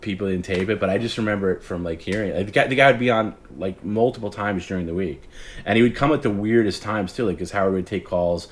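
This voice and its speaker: A man in his forties with a low voice hosts a late-night livestream. He talks in a loose, meandering way, restarting his sentences and acting out remembered callers as he goes. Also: fast. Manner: rambling, self-interrupting storyteller who acts out quoted callers. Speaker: stream host.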